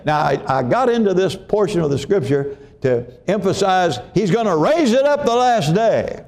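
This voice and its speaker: A man's voice: high-pitched, sing-song, moderate pace, hardly any pauses, a little mellow. A man preaching a sermon in a folksy way, often repeating himself and asking the congregation if they follow. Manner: folksy, repeats phrases, asks congregation questions. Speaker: pastor.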